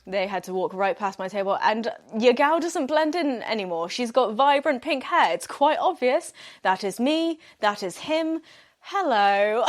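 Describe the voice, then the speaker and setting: A young woman, hosting a podcast and telling a personal story in a chatty, self-deprecating way, laughing often. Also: medium pitch. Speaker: podcast host. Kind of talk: candid storytelling monologue.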